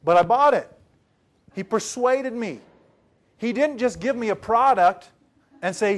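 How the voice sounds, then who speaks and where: Man, presentation trainer, fairly high voice, animated storytelling, hushed to loud. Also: unhurried, pauses often. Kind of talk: lively storytelling to a training group.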